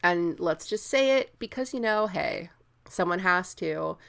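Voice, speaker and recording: Woman with a gravelly, lively voice. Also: on the low side, unhurried. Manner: rambling, laughing, restarts. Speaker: podcast co-host. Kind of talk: casual chat.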